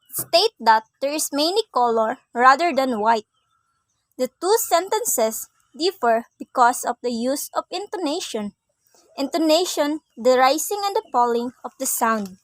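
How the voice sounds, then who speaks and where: A young woman student reading a class assignment aloud, reciting definitions and examples in a careful, measured way. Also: high voice, lively intonation, no room sound, low-quality recording.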